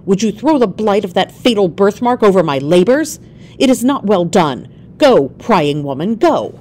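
A woman's voice: lowish voice, expressive, moderate pace, darkish tone, slight background noise, natural voice. A woman voicing an obsessive male scientist who speaks impetuously and urgently, in a storybook reading. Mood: angry.

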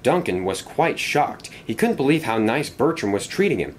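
A man narrating a children's storybook tale in an expressive, animated way. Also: mid-range voice, moderate pace, a little hiss or hum.

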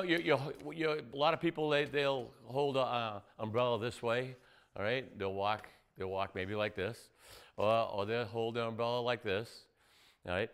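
A man teaching self-defense moves in a casual, rambling way, often checking in with "all right?" as he demonstrates. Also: fairly bright tone. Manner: loose, repetitive, says "all right?" and "boom" often. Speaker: martial arts instructor. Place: indoor studio.

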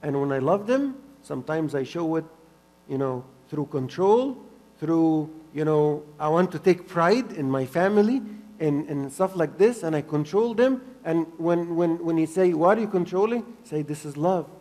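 A man preaching a sermon in an earnest way, repeating phrases for emphasis and swinging between soft and loud. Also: fairly high pitch, expressive, moderate pace, in a large hall. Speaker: pastor.

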